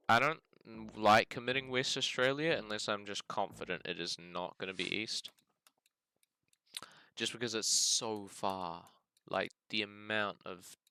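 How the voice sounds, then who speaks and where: Brief: New Zealand man, gaming host, low-set voice with a crisp, smooth tone, thinks out loud as he plays. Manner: thinks aloud, hedging and musing, says "bloody" often. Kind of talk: casual game commentary.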